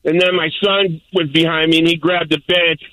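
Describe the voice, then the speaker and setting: Older caller, boisterous rambler, high voice with a bright edge, dry sound. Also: male voice, fairly even intonation, normal speed, no room sound, poor audio. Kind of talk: call-in radio chat.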